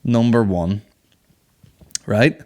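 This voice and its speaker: A man in his thirties hosts a comedy podcast, delivering a loose, rambling monologue in a lower, warm voice with drawn-out words. He swears constantly and laughs at his own jokes.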